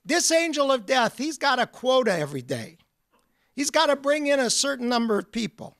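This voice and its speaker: A man's voice: very high voice, expressive, a little slow, a bit bright, no echo, studio quality, full character voice. A man voicing a spry, joking old man in his nineties, telling a folksy tale.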